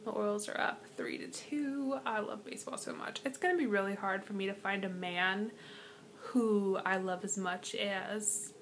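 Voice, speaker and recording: A young woman vlogging casually from her bedroom into an iPad, rambling with lots of "like" and soft whispered asides. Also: medium pitch, moderate pace, a little hiss or hum. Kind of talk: casual chat to camera. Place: bedroom at home. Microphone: iPad propped on bed.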